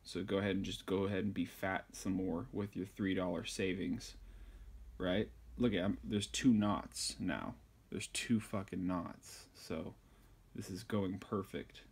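A man's voice: deep voice, fairly even intonation, unhurried, a little mellow, husky. A man giving a crude, insulting, rambling comedic tutorial on sewing a button. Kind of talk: profane comedic tutorial rant.

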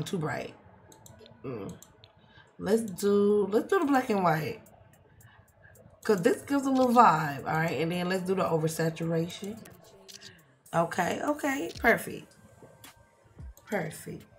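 A woman's voice: on the low side, very animated, unhurried, pauses often. A woman giving casual, profane commentary while playing a life-sim game, shifting from mumbling to outbursts. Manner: chatty, swears, swings from mumbling to loud outbursts. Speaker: let's play streamer.

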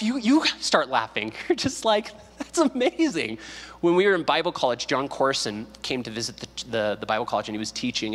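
A man's voice: on the high side, fairly bright tone. A man in his thirties, a pastor teaching a casual Bible study, joking and acting out quotes as he goes. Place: church sanctuary. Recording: long hall reverb.

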